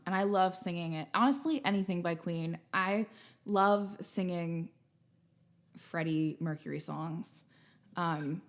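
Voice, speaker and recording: Woman, musician host, casual chat between songs, talks straight to the audience. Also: medium pitch. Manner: chatty, loose, talks to the audience. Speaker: musician hosting a livestream concert.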